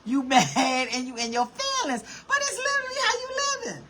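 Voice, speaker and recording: A woman's voice: high-pitched, sing-song, brisk, hardly any pauses, bright, forceful tone. A woman vlogger ranting to her camera in a blunt, profane, scolding way. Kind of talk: casual rant to camera.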